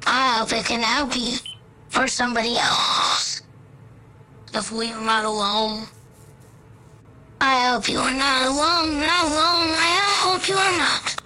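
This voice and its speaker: A woman voicing a baby lion cub who sends a slow, repetitive, earnest message as if over a radio. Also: high-pitched, steady tone, bright, forceful tone, heavily acted, poor audio.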